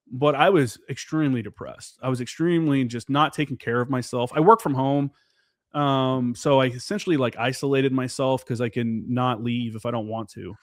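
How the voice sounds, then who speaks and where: Man, podcast guest, former Marine, blunt and profane, says dude a lot, mid-pitched, dry close sound. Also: fairly bright tone, no room sound. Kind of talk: casual podcast chat.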